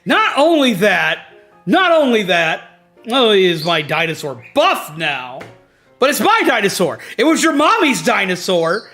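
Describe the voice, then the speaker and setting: A male streamer rants animatedly and profanely through casual gaming commentary. His voice sits high and swings widely in pitch, with a bright, sharp edge, and faint music plays behind him. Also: sing-song, a little slow. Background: faint background music.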